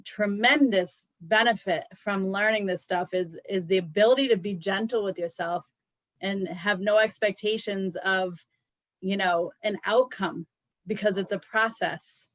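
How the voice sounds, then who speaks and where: A woman's voice: mid-range voice, measured pace, a bit bright, no echo, poor audio. A woman co-hosting a casual chat about yoga, thoughtful, often restarting her sentences and saying "like". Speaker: yoga teacher co-host.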